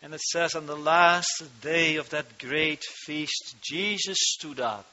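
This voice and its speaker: A man preaching a sermon into a microphone to his congregation, slow and emphatic, rising to loud cries on key words, speaking with a turn of phrase. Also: on the high side. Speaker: pastor. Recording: dull lo-fi sound.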